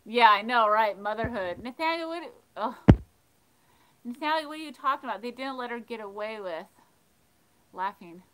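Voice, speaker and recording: A woman hosting a livestream, casually telling funny stories and reading chat, animated and laughing. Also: fairly high pitch, moderate pace, long pauses, a little hiss or hum, poor audio. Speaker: livestream host of a thrifting channel. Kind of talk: casual storytelling while reading live chat.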